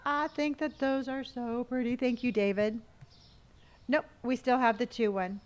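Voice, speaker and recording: A woman with a slightly high voice chats casually through a live game stream. She thanks viewers and answers their questions between tasks. She hums and counts sums under her breath while she plays. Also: fairly even intonation, unhurried. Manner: chatty, thanks viewers for gifts and answers chat.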